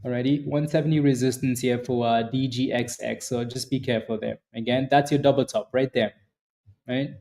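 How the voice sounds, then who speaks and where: A man's voice: mid-range voice, fairly even intonation, brisk, warm tone. A man hosting a live stock trading stream, chatting loosely and answering viewers by name, often restarting his sentences. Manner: rambling with many restarts. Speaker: stock trading livestream host. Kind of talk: live-stream market commentary.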